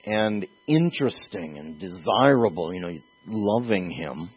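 A man preaching a sermon as pastor, earnest and emphatic, with pauses and restarts. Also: low-pitched, expressive, husky. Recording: tinny phone-like lo-fi sound.

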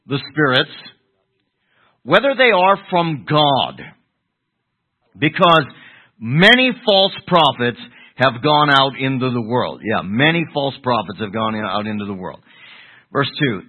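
A middle-aged man teaches from the pulpit in a husky, somewhat high voice, pressing his points with emphatic repetition. The sound comes through a narrow radio broadcast that makes it thin and phone-like. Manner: emphatic, repeats words while building a point. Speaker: pastor. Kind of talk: expository sermon.

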